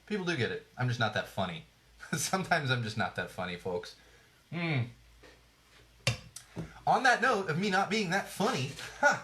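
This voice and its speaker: A man's voice: lowish voice, a bit bright, a little hiss or hum. Male podcast host, jokey and sarcastic, rambling and a bit worn out. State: tired. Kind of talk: casual live-stream podcast chat.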